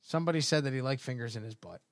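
A middle-aged man hosting a podcast, telling animated stories full of swearing and acting out what others said. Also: mid-range voice, racing, creaky, no room sound, clean studio sound. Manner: animated storytelling, swearing, acts out quotes. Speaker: podcast host. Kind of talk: casual podcast banter.

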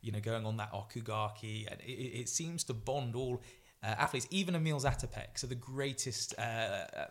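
A man on a podcast as a guest, telling stories in a lively way and acting out quotes. His voice is mid-pitched for a man. His speech is full of fillers and restarts. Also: moderate pace. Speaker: guest athlete. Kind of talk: storytelling podcast chat.

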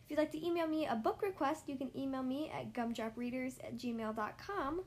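A woman's voice: sits high, brisk, darkish tone. A woman hosting a podcast, reading storybooks aloud to young children in a friendly, upbeat way and speaking straight to her listeners. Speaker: podcast host reading books to kids.

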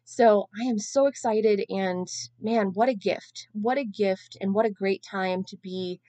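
A woman's voice: mid-range voice, a little slow, mellow, no room sound. A woman in her thirties hosting a podcast alone, telling a long-winded, self-deprecating story in a casual, chatty way. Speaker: podcast host.

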